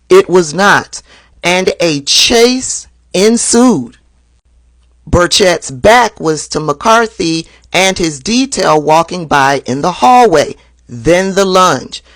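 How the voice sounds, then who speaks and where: Slow, deliberate woman reading political news. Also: lowish voice, lively intonation, no echo. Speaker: political commentary host.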